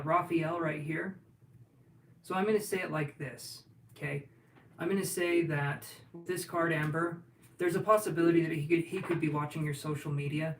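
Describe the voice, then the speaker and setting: A chatty man with a fairly high voice gives tarot readings on a livestream, joking with his viewers as he goes. He sits back from the mic in a roomy space, and a faint hum of room noise runs underneath. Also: far from the mic. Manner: joking, chatty, answers viewers' questions aloud. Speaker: tarot reader. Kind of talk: casual livestream chat.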